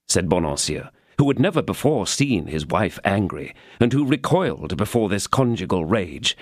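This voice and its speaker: A man narrates a classic novel as an audiobook in a measured storytelling style. His pitch moves widely through each sentence. The recording is dry and close. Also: sing-song, dry recording. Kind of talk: scripted narration.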